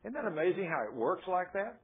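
A man's voice: high-pitched, very animated, fairly quick, a little hiss or hum. An older man preaching a sermon, telling folksy stories and asking the congregation rhetorical questions. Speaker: pastor. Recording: tinny lo-fi radio broadcast.

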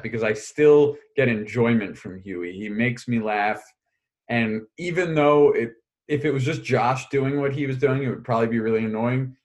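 A man co-hosting a casual reality TV recap podcast, relaxed and joking. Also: medium pitch. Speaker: podcast co-host.

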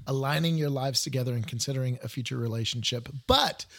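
A man's voice: mid-range voice, fast, creaky, a bit bright. A man who is a pastor and hosts a podcast, talking in an upbeat, joking way and sometimes restarting his sentences. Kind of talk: casual podcast chat.

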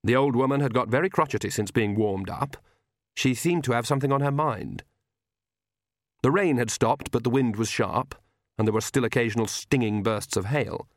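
A man reading a comic fantasy novel aloud as narrator, in a measured, wry storytelling manner. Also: medium pitch, dry recording, studio quality. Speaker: audiobook narrator. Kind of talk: scripted narration.

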